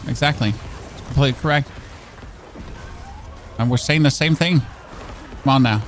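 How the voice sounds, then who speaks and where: A man's voice: medium pitch, normal speed, long pauses, a little hiss or hum. A man from Germany with a German accent, chatting casually as he streams a game, rambling and joking and often restarting his sentences. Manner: chatty, rambling, jokey, repeats and self-corrects. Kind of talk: casual gameplay commentary.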